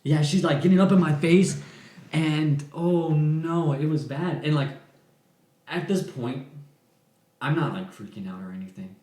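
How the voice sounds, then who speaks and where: A man's voice: on the high side, unhurried. Young man telling a story, echoey room. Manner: animated, laughing storyteller, drops to deadpan. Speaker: podcast guest. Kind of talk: casual storytelling.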